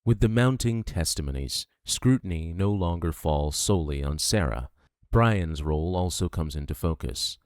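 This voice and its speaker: A man narrating a true crime documentary from a script in a measured, grave delivery. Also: low voice, expressive, darkish tone, dry recording, clean studio sound.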